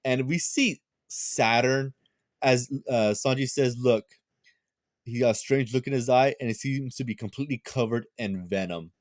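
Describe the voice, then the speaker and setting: A young man rambles through a manga chapter recap, stumbling over names and restarting his sentences. He sounds tired. His voice sits at an ordinary middle pitch, recorded close and dry with no room sound. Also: normal speed, dry recording. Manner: rambling and excitable, many fillers and restarts. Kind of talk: casual chat.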